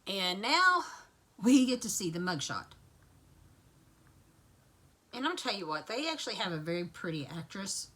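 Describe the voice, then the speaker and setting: Lively, bright-voiced woman vlogger. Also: mid-range voice, moderate pace, long pauses. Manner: chatty, lively storytelling with asides. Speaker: vlogger recapping a TV episode. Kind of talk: casual retelling to camera.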